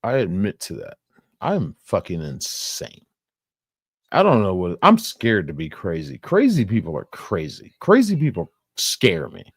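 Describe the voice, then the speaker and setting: A man's voice: lowish voice, wildly swooping pitch, unhurried, gravelly, husky, no echo, clean studio sound. A man hosting a live stream, reacting in a profane, rambling way and laughing often.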